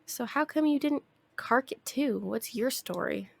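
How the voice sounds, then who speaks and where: A woman's voice: high-pitched, animated, a little slow, gravelly, voice pushed up, exaggerated voice. A woman reading out the lines of a blunt, morbid young male companion character from a game, in a teasing tone. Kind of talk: reading game text aloud on a stream.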